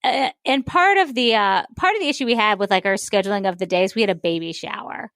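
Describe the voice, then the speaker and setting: A woman's voice: medium pitch, fast talker, creaky, fairly bright tone, no echo, studio quality. A woman co-hosting a podcast, telling a story in casual chat with lots of filler words. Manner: rambling storyteller, many "like" fillers. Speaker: podcast co-host.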